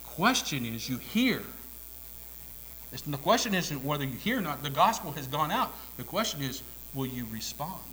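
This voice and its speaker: A man preaching a sermon in a church, swinging between hushed whispers and loud, climactic calls. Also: a little high, sing-song, moderate pace, a little hiss or hum, poor audio. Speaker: pastor. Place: church sanctuary.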